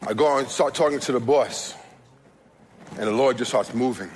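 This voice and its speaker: A male pastor telling a story in a sermon, animated and full of quick restarts and repeated words, acting out voices and rising to emphatic peaks. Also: medium pitch, slight background noise, poor audio.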